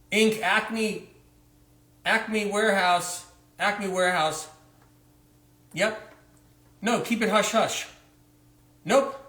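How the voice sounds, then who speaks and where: A man's voice: high-pitched, fairly bright tone. A man hosting a live social media talk, speaking in rambling, conspiratorial asides. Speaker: host. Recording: roomy echo.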